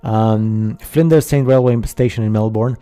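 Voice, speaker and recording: Dark-voiced man, halting skeptical narration. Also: fairly low pitch, clean tone. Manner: halting, many fillers and restarts, skeptical asides. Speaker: narrator of a slideshow video. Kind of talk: casual voice-over commentary.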